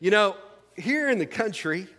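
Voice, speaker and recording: A man's voice: sits high, animated, normal speed, sharp tone. Folksy male pastor in a reverberant hall. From rural American South. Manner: folksy, conversational, asks the congregation questions. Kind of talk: sermon.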